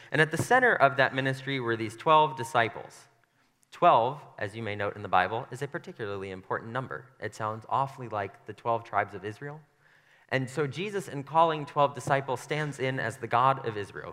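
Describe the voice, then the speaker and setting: Young man, preacher, casual conversational sermon, playful, self-deprecating, bright voice, long church-hall reverb. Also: medium pitch. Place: church sanctuary.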